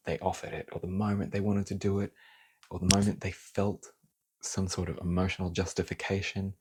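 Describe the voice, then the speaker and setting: Male tarot reader, very low and slightly raspy, heated and swearing. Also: darkish tone. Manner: heated, swears, then apologizes. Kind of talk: casual tarot reading to camera.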